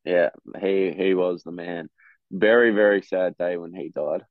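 A man's voice: sits low, steady tone, measured pace, no echo. A young Australian man with an Australian accent, chatting as a guest on a podcast in a laid-back, frank way. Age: young adult. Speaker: guest athlete. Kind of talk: casual podcast chat. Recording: tinny phone-like line, dry.

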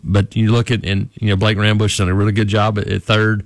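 A college sports reporter rambles easily through a team's season on a radio show, restarting often in this casual analysis. His lowish voice is flat and brisk, recorded with no room sound.

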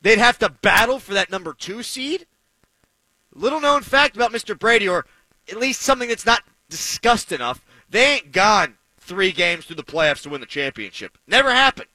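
A man's voice: high-pitched, animated, moderate pace, sharp tone, dry recording, poor audio. A man giving heated, sarcastic sports commentary, ranting with fired-up energy.

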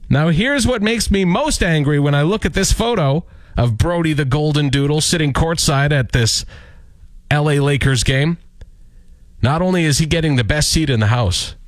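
A man's voice: a little high, no echo, studio quality. A male radio morning show host doing a mock-indignant, emphatic comic rant. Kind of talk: ranting comic radio segment.

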